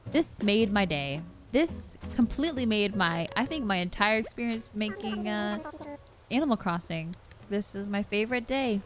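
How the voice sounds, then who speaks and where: A young woman giving chatty, excitable gameplay commentary as a gaming vlogger. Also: medium pitch, moderate pace. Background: faint game music.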